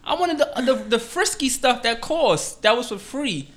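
A podcast co-host in casual banter, animated and mock-offended, laughing along. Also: medium pitch, moderate pace.

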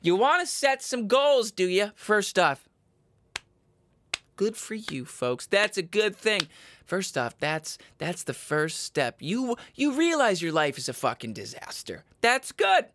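A man rants mock-motivational life advice as a podcast host. He is crude and profane, and his fairly high voice leaps into squeaky jabs. The sound is close and dry. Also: big pitch swings, slow pace, fairly bright tone, dry recording. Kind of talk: comedic advice monologue.

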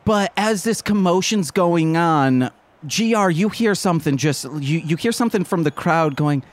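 A man runs a tabletop game as game master, rambling and animated, full of fillers and restarts. His voice sits a little above the usual male pitch. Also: normal speed.

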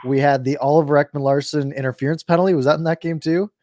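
A man's voice: on the high side, steady tone, fast talker, a little mellow, dry recording. A man co-hosting a casual sports podcast, recapping games in a rambling way with dry sarcasm. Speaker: podcast co-host.

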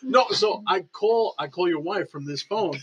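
A man's voice: high-pitched, lively intonation, unhurried, lo-fi sound, background noise. A man telling a rambling, self-mocking story in a casual chat. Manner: rambling, self-mocking, puts on quoted voices. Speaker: podcast regular telling a story.

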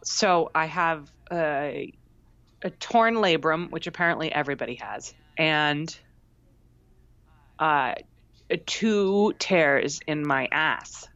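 A woman's voice: low voice, expressive, takes it slowly, fairly bright tone, no room sound. A woman co-hosting a podcast, telling a story in a candid, self-mocking, chatty way. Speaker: podcast co-host. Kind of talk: casual chat. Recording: dry, slightly dull recording.

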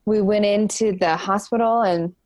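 A young woman, an interview guest, telling a personal story candidly and frankly, halting often with fillers. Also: medium pitch, fairly even intonation, a little mellow, no echo. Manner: frank and open.

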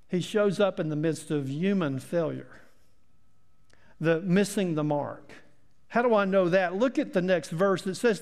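A middle-aged man preaching a sermon, emphatic, asking rhetorical questions and pausing for effect. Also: a little high, a little mellow, long reverb tail. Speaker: pastor.

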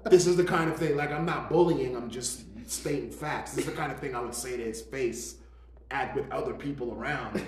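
A man's voice: mid-range voice, normal speed, long pauses, darkish tone. A man co-hosting a casual chat, telling profane stories and acting out rants. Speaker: podcast co-host. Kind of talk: casual bar-story chat. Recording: roomy, with faint ambience.

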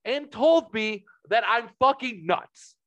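A man's voice: very high-pitched, lively intonation, slow, fairly bright tone, no echo, dull audio. A man telling a story in a casual podcast chat, profane and heated.

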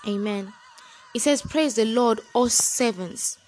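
A woman delivers a devotional exhortation in an earnest, repetitive way, rising to fervent emphasis. Her voice sits a little high for a woman. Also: takes it slowly, faint music behind, poor audio. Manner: retells a story with lively acted quotes. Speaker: preacher.

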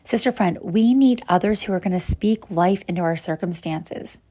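A woman's voice: fairly low pitch, normal speed, mellow. A woman hosting a podcast and teaching a Bible devotional, speaking in an earnest, encouraging way to her listeners as sisters.

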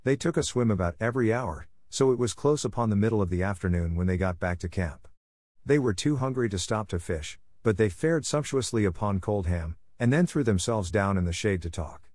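A man narrating a classic novel in a measured, expressive storybook reading. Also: on the low side, dry recording, clean studio sound. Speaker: audiobook narrator.

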